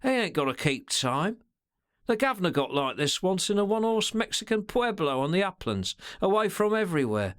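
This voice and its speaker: A man voicing a sly, stealthy male secretary in a storybook, with slangy, sneering, drawn-out remarks. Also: high-pitched, very animated, clear, resonant tone, pitched above the performer's own voice. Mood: scornful.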